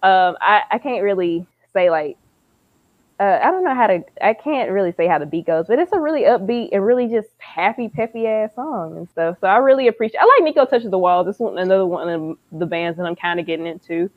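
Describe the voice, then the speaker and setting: A woman of middle pitch chats loosely on a podcast, swearing now and then as she talks. The recording is dull and lo-fi, with a dry sound and no room echo. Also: animated, fairly quick. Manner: chatty, loose, casual swearing. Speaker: podcast co-host. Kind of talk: casual chat.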